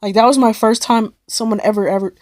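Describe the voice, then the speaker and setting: A woman's voice: fairly high pitch, fairly even intonation, fast talker, darkish tone, no room sound, clean studio sound. Young woman rambling through a story. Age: young adult. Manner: rambling, breathless retelling with many likes and repeats. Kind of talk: casual storytelling vlog.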